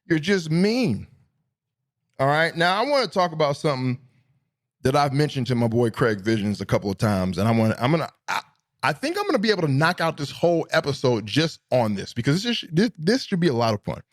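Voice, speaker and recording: A middle-aged man hosting a solo podcast, talking casually in a rambling, profane, animated way. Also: quick pace. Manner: animated, profane, rambling, swings between high and low pitch. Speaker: podcast host.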